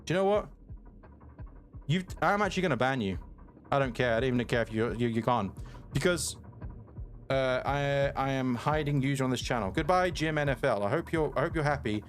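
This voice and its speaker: Game music plays as a young male streamer gives live gameplay commentary, irritably ranting at someone in chat and saying the same things again. He speaks in a mid-range voice, a little fast.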